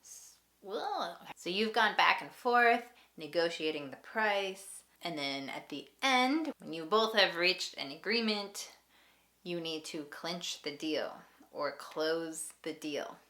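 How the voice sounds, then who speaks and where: A woman teaching English at a slow, deliberate pace, repeating each example phrase so learners can follow. Her voice is bright and slightly low-pitched, with a crisp edge. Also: expressive. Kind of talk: ESL lesson.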